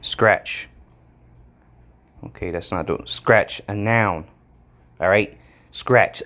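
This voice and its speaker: A man's voice: fairly low pitch, slow pace, pauses often. A man giving a casual, rambling Bible study commentary, repeating himself, often checking in with "all right?", and growing emphatic as he reads out word definitions. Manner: grows emphatic and excited while reading out definitions. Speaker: religious video commentator.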